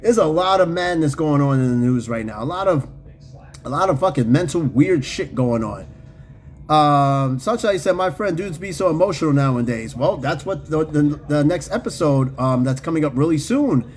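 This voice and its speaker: High-voiced slangy man hosting a podcast. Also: lively intonation, normal speed, darkish tone. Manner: loose, slangy and profane, with frequent fillers and laughs. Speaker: podcast host. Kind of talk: casual chat with live chat readers.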